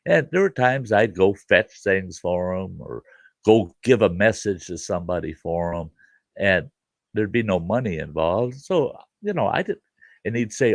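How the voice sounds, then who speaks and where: A middle-aged man spins a folksy, rambling story in a low, gravelly voice. His pitch swings widely as he talks. The recording is dry and close. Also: lively intonation, unhurried, no echo. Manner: folksy, rambling, with fillers like "you know". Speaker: host and storyteller. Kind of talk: casual spoken storytelling.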